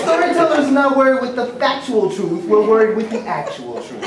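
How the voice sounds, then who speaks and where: High-voiced man telling stories on an echoey stage. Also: normal speed, hardly any pauses, over a noisy crowd. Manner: animated, rhythmic storytelling with jokey asides. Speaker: storyteller and spoken-word poet. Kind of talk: live spoken-word performance. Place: stage at a live event. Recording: echoey hall, distant mic.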